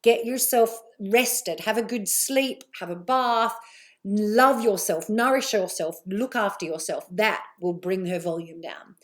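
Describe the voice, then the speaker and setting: A middle-aged woman with a British accent, giving a candid, chatty live online talk as a coach, with asides and a lively delivery. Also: mid-range voice, a little slow.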